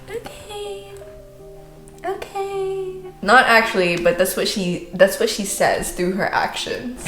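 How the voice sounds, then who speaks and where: A woman's voice: fairly high pitch, a bit bright. A woman reacting to a book as she reads it, emotional and exclaiming, using casual slang and laughing often. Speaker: book vlogger. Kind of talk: reading reaction vlog. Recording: roomy echo.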